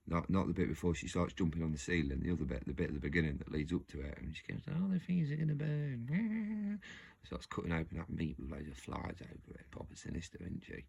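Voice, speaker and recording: A man's voice: extremely low pitch, quick pace, creaky, slightly rough. A man musing casually to his video audience, rambling and restarting his sentences. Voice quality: rambling, self-interrupting, frequent restarts. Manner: animated, laughs often. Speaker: video host.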